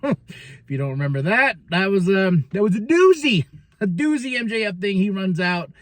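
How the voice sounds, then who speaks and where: A man hosting a podcast, recapping wrestling in a casual monologue, laughing often and slipping into quick mock voices when he quotes people. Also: high-pitched, very animated, no room sound. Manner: laughs often, stumbles and restarts.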